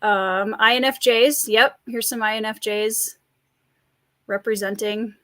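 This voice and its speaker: A woman with a Scandinavian Midwestern accent from rural Minnesota, hosting a relaxed live stream, chatting, laughing often and reading out viewer comments. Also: fairly high pitch, unhurried, dry recording. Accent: Scandinavian Midwestern American. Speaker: livestream host and writer.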